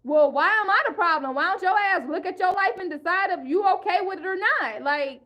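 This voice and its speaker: A woman's voice: extremely high pitch, a little fast, bright, forceful tone. A young woman vlogger in a heated, profane rant, repeating herself and speaking in an African American English style. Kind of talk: ranting monologue.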